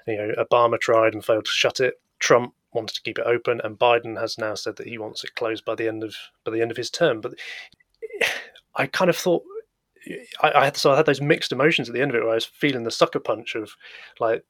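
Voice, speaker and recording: A man's voice: medium pitch, fairly quick, fairly bright tone, no room sound, clean studio sound. A man hosting a casual film podcast, speaking earnestly and reflectively with frequent restarts. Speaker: podcast host. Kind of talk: casual film review chat.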